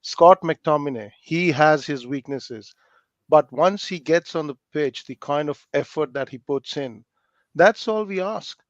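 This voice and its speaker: A man's voice: a little high, unhurried, no echo, dull audio. A man calling in to a fan show, passionate and chatty, ending phrases with "man". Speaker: caller. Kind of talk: casual call-in chat.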